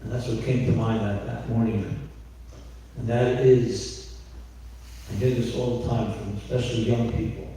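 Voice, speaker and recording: A man's voice: medium pitch, little pitch movement, moderate pace, mellow, slight background noise. A man addressing a synagogue congregation in a conversational way, telling anecdotes with many ums and uhs. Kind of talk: speech to a congregation. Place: synagogue sanctuary. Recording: echoey hall, distant mic.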